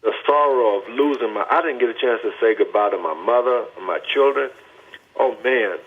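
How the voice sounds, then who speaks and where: Older guy from texas telling his story over the phone, husky voice, earnest and slow, tinny line. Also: medium pitch. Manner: earnest, deliberate, emphatic. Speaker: guest. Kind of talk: personal testimony storytelling.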